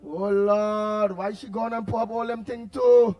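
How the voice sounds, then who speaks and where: A man with a Trinidadian accent hosting a casual call-in radio show, excitable and repeating his words as he reads out listener messages. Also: very high voice, normal speed, faint music behind.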